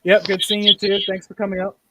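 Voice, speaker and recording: A man's voice: sits high, monotone, quick pace, fairly bright tone, no echo, rough recording. A man hosting a live stream, chatting casually with brief, easygoing replies. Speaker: stream host. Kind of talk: casual chat.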